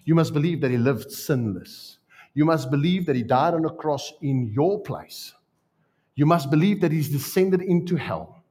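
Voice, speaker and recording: Husky pastor, lively preaching voice, fairly high. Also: male voice, moderate pace. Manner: preaching, asks the congregation questions. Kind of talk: sermon.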